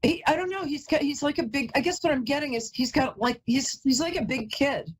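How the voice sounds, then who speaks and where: A woman's voice: high voice, brisk, rough recording. A woman hosting a live call-in psychic reading, chatty and emotional, who often breaks off mid-sentence to apologize. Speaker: psychic medium host.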